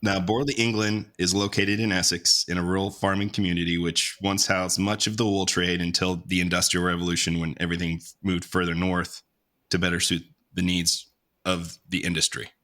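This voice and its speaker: A low-pitched man with a bright, forceful tone, co-hosting a podcast. He tells the story in a laid-back way, joking and swearing as he goes. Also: level tone, fairly quick. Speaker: podcast co-host. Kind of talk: casual podcast chat and storytelling.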